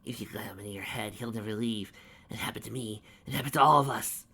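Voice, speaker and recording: Man putting on a frantic, tearful pegasus mare, bright and strained. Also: on the low side, fast talker, husky, heavily acted. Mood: bitter. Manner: pleading, tearful. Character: tormented young mother pegasus mare, desperate.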